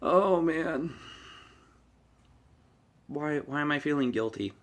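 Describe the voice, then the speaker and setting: A man's voice: fairly high pitch, expressive, slow pace. A man vlogging a heated, profane political rant, swearing often and laughing at his own jokes.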